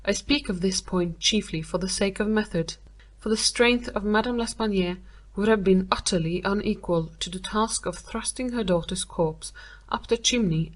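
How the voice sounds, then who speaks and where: A woman voicing a cool analytical male detective who lays out his reasoning in a measured way. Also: mid-range voice, close to an everyday voice.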